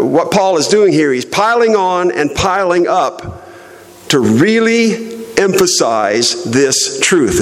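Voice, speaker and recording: Slow, emphatic man preaching in a hall. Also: fairly high pitch. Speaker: pastor. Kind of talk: sermon.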